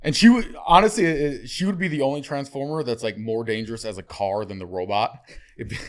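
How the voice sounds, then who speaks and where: A man's voice: medium pitch, fairly quick. A man hosting a podcast, telling funny dating stories in casual chat, swearing and acting out other people's voices. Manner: animated, jokey, swears, acts out quoted voices. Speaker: podcast host.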